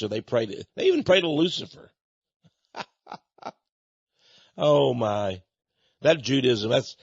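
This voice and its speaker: A man's voice: mid-range voice, slightly rough, no room sound, dull audio. A man hosting a radio show, talking in an emphatic, mocking, storytelling monologue. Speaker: radio host.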